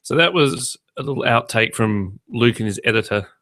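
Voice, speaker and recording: A man's voice: medium pitch, lively intonation, moderate pace, heavy background noise. A man hosting a podcast in casual chat, tossing in dry jokes and asides. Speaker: podcast host.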